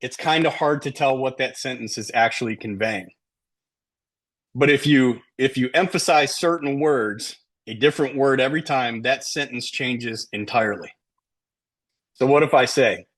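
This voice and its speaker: A man's voice: mid-range voice, moderate pace, fairly bright tone. A middle-aged man coaching a sales team, talking emphatically and often checking in with "right?". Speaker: sales trainer. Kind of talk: sales training talk to a team.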